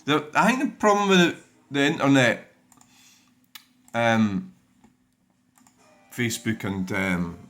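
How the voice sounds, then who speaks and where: A man's voice: medium pitch, very animated, slow pace, pauses often, fairly bright tone. Scottish man, blunt and rambling. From Scotland. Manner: rambling, blunt, swears freely. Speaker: dashcam channel host. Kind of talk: casual vlog talk while reviewing comments.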